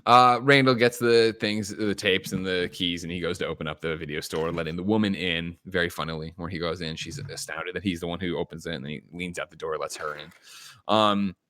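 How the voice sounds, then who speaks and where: Fast-talking deep-voiced man recapping a film. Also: no room sound. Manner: animated retelling, acts out quotes, laughs, swears often. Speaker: podcast host. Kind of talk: casual film review chat.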